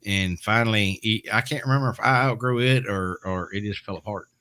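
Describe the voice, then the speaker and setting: Folksy man, bright voice. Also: lowish voice. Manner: folksy storytelling, drawn-out and halting. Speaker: podcast host. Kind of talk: casual chat.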